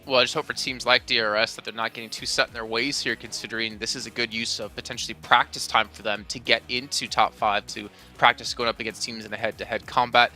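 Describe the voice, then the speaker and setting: A man's voice: medium pitch, level tone, fast talker, few pauses, sharp tone, soft background music. A man hosting an esports analysis desk, putting questions to his analysts in an upbeat way. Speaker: desk host.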